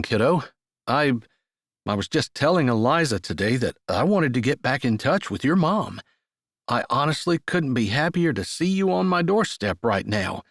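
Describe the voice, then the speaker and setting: A reclusive, scarred man from an audiobook romance, speaking gently and haltingly through grief, played by the male narrator close to his own voice. The tone is an ordinary mid-range male one. The recording is dry, with no room around it. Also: medium pitch, gravelly, no echo, full character voice. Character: grieving, gruff but gentle uncle.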